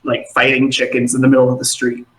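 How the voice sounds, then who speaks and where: A man narrating a tabletop game as game master, animated and jumping into side characters. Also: mid-range voice, quick pace, reverberant, low-quality recording.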